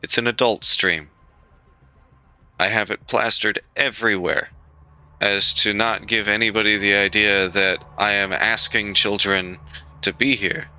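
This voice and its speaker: A man's voice: on the low side, steady tone, a little slow, bright, forceful tone, smooth, no echo. A man streaming live, talking casually to his chat in a blunt, profane way, repeating himself as he reassures viewers. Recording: dull lo-fi stream audio, faint music.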